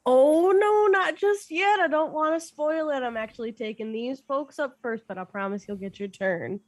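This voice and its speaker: A woman's voice: a little high, a little fast, no echo, lightly acted. A woman playing a folksy drawling adventurer. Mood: cheerful. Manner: folksy and chatty, says y'all.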